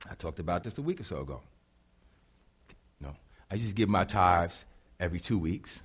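A male pastor preaching a sermon, animated and confiding, talking straight to the congregation. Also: low voice.

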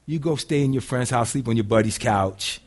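A middle-aged man preaching a sermon in a casual, folksy way, moving between loud preaching and quiet, hushed storytelling. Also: mid-range voice, normal speed. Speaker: pastor.

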